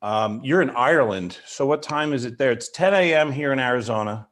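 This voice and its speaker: A man's voice: mid-range voice, expressive, a little fast, fairly bright tone. A man hosting a podcast interview, talking in a casual, enthusiastic, chatty way with plenty of fillers. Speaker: podcast host.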